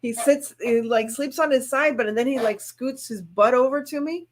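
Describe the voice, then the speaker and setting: A woman's voice: high-pitched, moderate pace, noisy background. A woman co-hosting a casual chat, friendly and chatty. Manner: friendly, chatty, gushes over cats.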